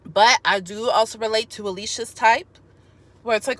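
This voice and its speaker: A woman's voice: medium pitch, moderate pace, a bit bright, no echo. A woman giving a sassy, emphatic opinion vlog from her car, full of slang and talking straight to viewers. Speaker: YouTuber giving commentary.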